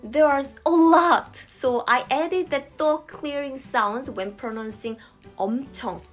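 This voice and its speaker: A woman's voice: sits high, slow, soft background music. A young Korean woman with a Korean accent, teaching a casual language lesson and playfully acting out short examples.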